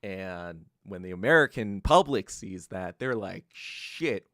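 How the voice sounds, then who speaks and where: Man, podcast host, casual storytelling, lots of swearing, lively swooping pitch, dry close sound. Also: measured pace, no echo. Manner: heavy swearing, loose storytelling with acted quotes. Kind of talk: casual history monologue.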